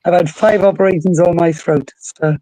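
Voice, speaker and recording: A woman with a deep, husky voice speaking firmly and forthrightly as a guest in a casual stream chat. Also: steady tone, moderate pace, dark tone, no room sound, poor audio. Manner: firm, forthright.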